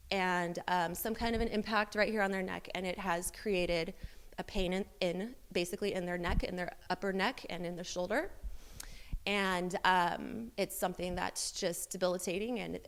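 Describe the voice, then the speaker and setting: A woman sharing a personal church testimony, candid and self-deprecating, with many fillers and restarts. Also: on the low side.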